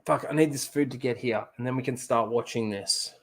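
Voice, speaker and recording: A man hosting a casual live stream, swearing a lot and joking around with a lively delivery. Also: medium pitch, brisk. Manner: profane, jokey, animated. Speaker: streamer host.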